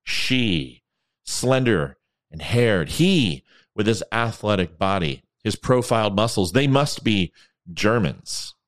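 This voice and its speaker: A guy half-doing a german man in a joke, low voice, not really an accent. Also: expressive, takes it slowly, no room sound. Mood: admiring. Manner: half-hearted reading. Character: German man admiring a painting.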